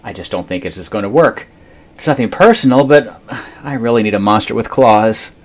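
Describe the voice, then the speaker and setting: A man's voice: on the low side, lively intonation, fairly quick, voice pushed up, natural voice. A man voicing a picky young boy at bedtime who speaks nervously and stammers. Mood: fussy.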